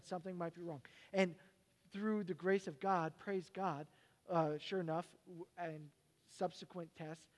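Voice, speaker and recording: A man, a pastor preaching a sermon, telling stories in an animated way and dropping to quiet, halting reflection. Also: high-pitched. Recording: long hall reverb.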